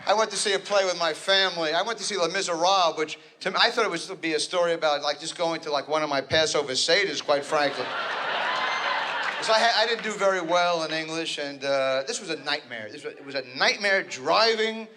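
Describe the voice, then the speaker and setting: Male stand-up comedian, from New Jersey, neurotic, rambling, self-deprecating, higher pitch. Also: fairly quick, bright, forceful tone, a little hiss or hum. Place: stage before a live audience.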